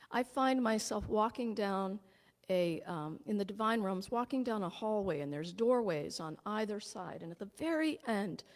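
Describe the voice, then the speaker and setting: A woman's voice: medium pitch, darkish tone, in a large hall. A woman who is a spiritual teacher and channeler, giving an enthusiastic, joyful inspirational talk.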